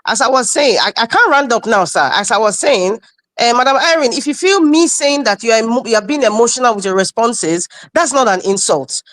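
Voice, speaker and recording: A woman from Nigeria holds her ground in a heated online panel debate. Her voice sits a touch high, and she circles back over her own phrases as she pushes her view. The sound is dry and close. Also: lively intonation, brisk, a bit bright, no room sound. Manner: insistent, repeats herself, defensive.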